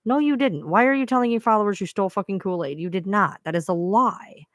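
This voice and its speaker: A woman's voice: medium pitch, quick pace, no echo, studio quality. Exasperated woman ranting on a live stream. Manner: exasperated, profane venting. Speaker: livestream host. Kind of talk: live-stream rant to viewers.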